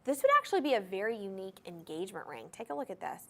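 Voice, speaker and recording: A woman's voice: medium pitch, very animated, rapid-fire, a bit bright. A woman hosting a live TV shopping show, gushing over jewelry and speaking straight to viewers, repeating key points for emphasis. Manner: gushing, enthusiastic, addresses viewers directly; repeats item numbers and key phrases for emphasis. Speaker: shopping channel host. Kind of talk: live TV jewelry sales pitch. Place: TV studio.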